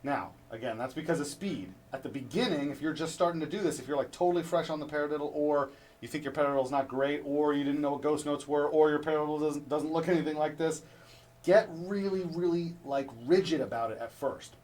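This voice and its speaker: A man's voice: fairly high pitch, fast talker, darkish tone. A male drum instructor giving a hands-on lesson, coaching step by step and checking in with "right?" after each point. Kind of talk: instructional demonstration. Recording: distant mic with clear background noise.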